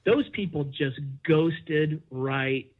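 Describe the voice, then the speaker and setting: A man talking as a podcast guest, telling a personal story in an animated, emphatic way and acting out the dialogue. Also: fairly high pitch, extremely slow. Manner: animated, emphatic, acts out dialogue in his stories. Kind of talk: conversational storytelling. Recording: dull lo-fi sound.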